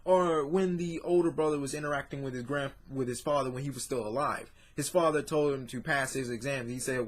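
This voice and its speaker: A man talking through a manga review in a loose, unscripted monologue, with a middle-pitched voice. He speaks bluntly, trails off with fillers and restarts his sentences. When something annoys him he swears. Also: a little fast, hardly any pauses.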